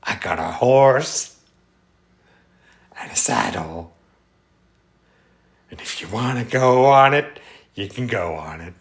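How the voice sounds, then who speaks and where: A man's voice: mid-range voice, lively intonation, takes it slowly, vocal fry, long pauses. An Englishman putting on a hammy, drawling American Southern accent to play a jolly Texan cowboy with a horse. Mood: folksy. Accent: put-on American Southern. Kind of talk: joking impression on a livestream.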